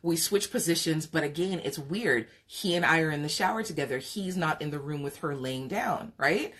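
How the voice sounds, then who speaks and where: A woman hosting a live podcast, telling a personal story in a frank, chatty way. Her voice sits a little low for a woman. She laughs often and trails into drawn-out pauses. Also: fairly bright tone. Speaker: podcast host. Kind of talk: candid storytelling on a live stream.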